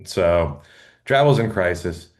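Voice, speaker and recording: A man's voice: sits low, expressive, takes it slowly, a little mellow. A man co-hosting a comedy podcast, reading a draft email aloud in casual chat and laughing often between lines. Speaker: podcast co-host.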